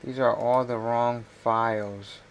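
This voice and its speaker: A man's voice: mid-range voice, fairly even intonation, slow pace, clear, resonant tone. A middle-aged man streaming live, talking himself through each design step and teasing his child between tasks. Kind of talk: casual livestream chat while working.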